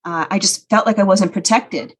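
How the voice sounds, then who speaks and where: A woman guest telling her life story in an earnest, reflective way, often pausing with "you know". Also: mid-range voice, husky. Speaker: podcast guest. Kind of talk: personal storytelling.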